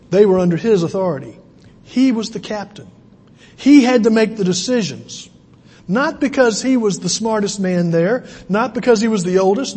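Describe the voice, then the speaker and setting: A man preaching a sermon, earnest and measured, weaving personal stories into his teaching. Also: sits high, a little mellow, breathy edge. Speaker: pastor. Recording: long church reverb.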